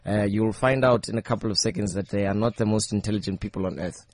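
A man's voice: lowish voice, fast talker. A man hosting a casual, joking morning radio show in a studio. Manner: loose, joking and upbeat. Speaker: radio host. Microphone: studio microphone.

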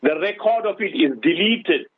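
A man's voice: high-pitched, expressive, moderate pace, husky, no room sound. A male radio host giving religious advice to callers and listeners, preaching with rhetorical questions. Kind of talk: radio Islamic advice talk. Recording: tinny phone-line sound, dry.

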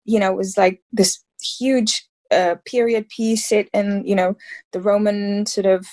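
A woman's voice: medium pitch, steady tone, a little slow, a little mellow. A woman in her thirties from South Africa, an actress talking casually in an interview, rambling and full of fillers. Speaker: actress guest.

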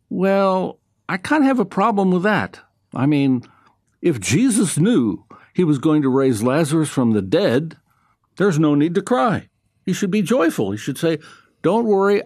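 Lively, higher-voiced man teaching the Bible. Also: no echo, studio quality. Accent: South African. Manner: conversational, rhetorical questions, emphatic repetition.

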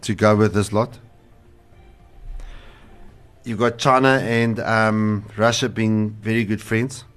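A man's voice: on the low side, steady tone, slow pace, long pauses, a bit bright, clean tone, soft background music. A man, a pastor co-hosting a casual religious talk show, earnest and rambling with fillers. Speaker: pastor and co-host.

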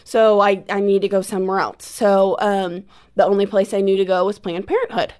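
A young adult woman, a guest on the show, recounting a personal story in a candid, quick way with many fillers. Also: medium pitch, flat delivery, a little mellow, clean tone. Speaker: interview guest. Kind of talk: personal testimony in an interview.

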